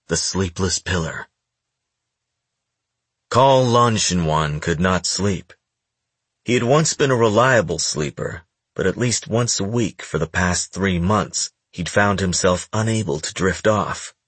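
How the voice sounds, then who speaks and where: Low husky male audiobook narrator. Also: animated, slow pace, fairly bright tone, no room sound. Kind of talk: scripted narration.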